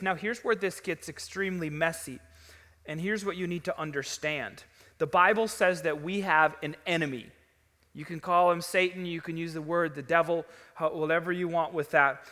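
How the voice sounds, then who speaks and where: A man's voice: high voice, normal speed, sharp tone. A man preaching a sermon to his congregation in a conversational, storytelling way, in a large church sanctuary. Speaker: pastor. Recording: long reverb of a large hall.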